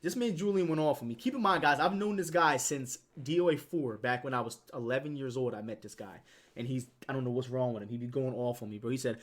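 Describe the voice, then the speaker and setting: A young man in his twenties, chatting loosely about a competitive gaming ranking. His voice sits at an ordinary middle pitch, and he talks in relaxed slang, swears freely and fills his speech with "um" and "bro.". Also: fairly quick. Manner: laid-back slangy talk with swearing and filler words. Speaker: gaming YouTuber. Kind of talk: casual commentary on a ranking list.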